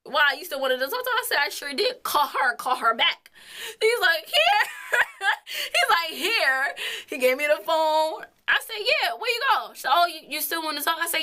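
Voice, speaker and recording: Young woman, bright higher voice, blunt storyteller who swears and laughs a lot. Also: very animated, measured pace. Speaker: co-host of a couple's vlog. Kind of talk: casual storytelling chat.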